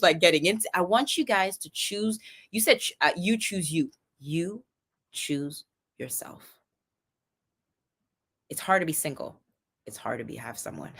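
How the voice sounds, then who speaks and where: Young woman, low voice, hosting a casual motivational livestream; chatty, animated, laughing between points. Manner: chatty and animated, laughs often, restarts sentences. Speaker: live streamer giving motivational talk.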